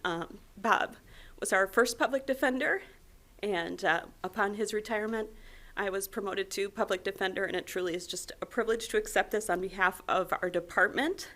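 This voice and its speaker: A woman's voice: medium pitch, moderate pace, fairly bright tone. An American woman public defender giving an acceptance speech, emotional and grateful, with frequent ums. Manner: tearful, grateful, many ums.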